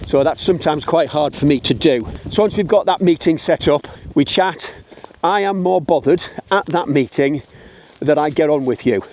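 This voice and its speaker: Man, British English accent, middle-aged, fairly high voice, blunt joking vlog talk, slightly breathless outdoors. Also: darkish tone. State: out of breath going uphill. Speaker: wedding photographer. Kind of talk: casual walking vlog to camera. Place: outdoors, walking uphill.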